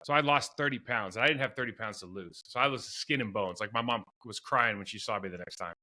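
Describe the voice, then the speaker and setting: A middle-aged former pro football player, guesting on a podcast interview, tells rambling stories about his playing days in a lowish, very bright and forceful voice at a quick pace. He's self-deprecating, laughs at himself, keeps restarting sentences and drifts into asides.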